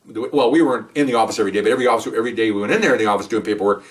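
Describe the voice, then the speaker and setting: An older man, a retired police officer, telling stories in a casual, animated way, often checking in with "okay?" and restarting his sentences. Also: lowish voice, rapid-fire, far from the mic. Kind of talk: casual anecdotal storytelling.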